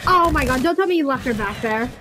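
A young woman talks casually while gaming. Her voice is high, and her talk is playful and full of swearing. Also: expressive, fast, noisy background. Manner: playful, swears and laughs often.

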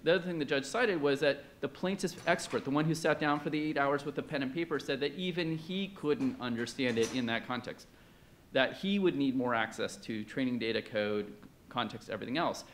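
Man, mid-pitched, presenting at a conference; loose, halting, chatty delivery. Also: slight background noise. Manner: conversational, hesitant, many fillers, questions to the audience. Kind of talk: academic conference talk.

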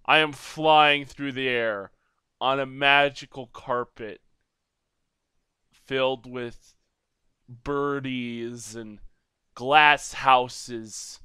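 A young man giving goofy, rambling solo commentary over a video game, now and then breaking into loud silly shouting. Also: medium pitch, steady tone, drawn-out words, pauses often, smooth, no room sound, clean studio sound. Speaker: gameplay commentator. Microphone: desk microphone.

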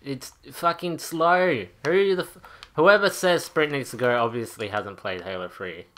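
A man's voice: medium pitch, a little slow, a bit bright. A man ranting angrily over gameplay, profane and exasperated, as a gaming channel host. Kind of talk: angry gameplay rant.

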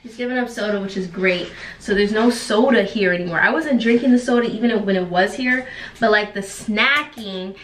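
A woman's voice: medium pitch, normal speed, a bit bright, far from the mic. A young woman talks through her week in a loose, slangy way and laughs often. She is recorded in an echoey room at home. A faint hiss sits under her voice. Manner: laid-back, laughing, slangy. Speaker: vlogger. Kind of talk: casual vlog chat.

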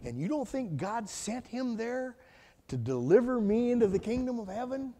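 A man's voice: extremely high pitch, animated, moderate pace, mellow. A man telling his story as a sermon testimony in a church, in a folksy, colloquial way. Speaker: guest speaker giving testimony. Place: church sanctuary. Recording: echoey church hall reverb.

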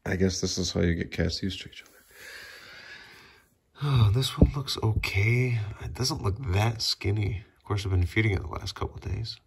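A man's voice: fairly low pitch, normal speed, creaky, breathy edge. A man filming a casual vlog at home, talking to his cats in coaxing baby talk and often dropping to a whisper. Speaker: cat owner filming his pets. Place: home by a sliding door.

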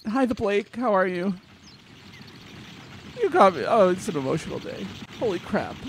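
Male streamer, slightly high voice, emotional and gushing, stumbles when sincere. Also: lively intonation, slight background noise. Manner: emotional, gushing, thanks viewers warmly; halting restarts when earnest. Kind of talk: casual live-stream game commentary.

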